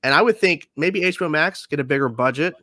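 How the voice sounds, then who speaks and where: A man co-hosting a casual pop-culture chat show, excitable, laughing and swearing, often repeating himself. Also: fairly high pitch, quick pace, no echo. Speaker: co-host.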